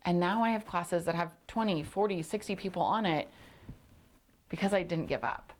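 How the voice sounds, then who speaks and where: A woman's voice: on the low side, normal speed, slight background noise. Emphatic woman podcast host. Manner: emphatic, repeats phrases for punch. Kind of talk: motivational solo podcast talk.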